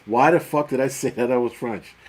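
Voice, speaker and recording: A man in middle age talks loosely to his livestream viewers, swearing freely and wandering between jokes and the topic. His voice sits at an ordinary middle pitch, and he jumps abruptly between loud bursts and muttered asides. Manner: profane, rambling, jokey, quick swings in loudness. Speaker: livestream host. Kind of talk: casual livestream chat reading viewer comments.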